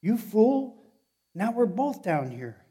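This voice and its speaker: A man voicing a panicked male town drunk stuck in a pit, yelling for help in a high, strained voice. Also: sing-song, slow pace, exaggerated voice. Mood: exasperated.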